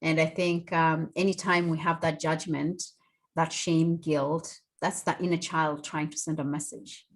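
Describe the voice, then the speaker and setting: A woman's voice: low-pitched, flat delivery, unhurried. A woman hosting a radio talk show, thanking and affirming her guests with some restarts. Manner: warm, affirming, with fillers and restarts. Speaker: host.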